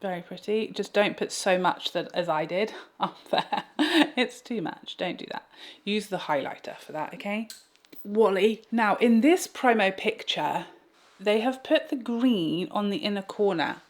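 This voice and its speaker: Casting: chatty beauty vlogger, woman, mid-pitched, playful and self-deprecating. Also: unhurried. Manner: bubbly, self-mocking, talks to viewers. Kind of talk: chatty makeup tutorial. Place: home room with a fan.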